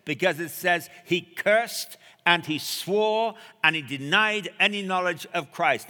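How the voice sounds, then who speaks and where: A male preacher delivering a sermon, telling a story with dramatic pauses and emphasis. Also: high-pitched, sharp tone. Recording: echoey hall.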